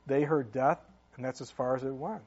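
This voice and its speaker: A man's voice: mid-range voice, fairly even intonation, moderate pace, darkish tone, slightly rough, lo-fi sound. A man preaching a sermon as pastor, talking in an earnest, conversational way with many fillers.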